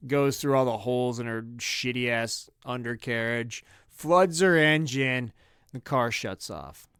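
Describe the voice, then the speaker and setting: A man telling a comedic story on a podcast, profane and animated, with sudden loud bursts. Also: mid-range voice, slow pace, clear, resonant tone, no echo, studio quality. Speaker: podcast co-host.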